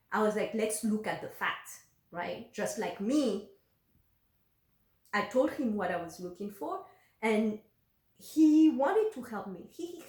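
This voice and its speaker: A woman's voice: a little high, a bit bright, roomy sound. A woman vlogger telling a personal story in a candid, emotional way, full of fillers and restarts.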